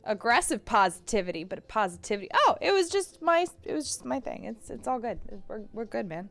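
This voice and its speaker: A slightly hoarse woman streamer chatting casually and self-mockingly as she plays a game. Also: fairly high pitch, very animated, fairly quick, a bit bright, faint music behind. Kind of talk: casual live-stream chat.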